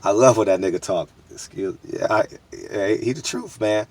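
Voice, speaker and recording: A man's voice: fairly low pitch, normal speed, darkish tone. A man in his thirties from the United States, talking straight to his viewers in a candid, emphatic, street-casual monologue full of repeats. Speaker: boxing media vlogger.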